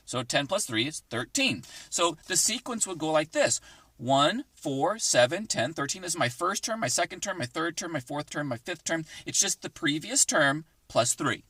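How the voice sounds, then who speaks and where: A man's voice: fairly high pitch, big pitch swings, normal speed, sharp tone, slightly rough, no echo. A man teaching a math lesson to his class from inside a parked car, chatty and encouraging as he works through examples aloud. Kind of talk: casual recorded math lesson.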